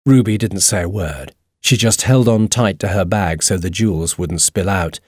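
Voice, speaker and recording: A man narrating a storybook in a steady, even reading voice. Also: deep voice, moderate pace, few pauses, breathy edge, dry recording, studio quality.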